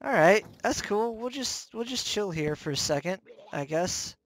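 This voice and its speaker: A man hosting a game let's play, commenting on his own play with jumpy, excitable reactions, yelps and self-mockery, close to the microphone. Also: sits high, moderate pace. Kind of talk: gameplay commentary.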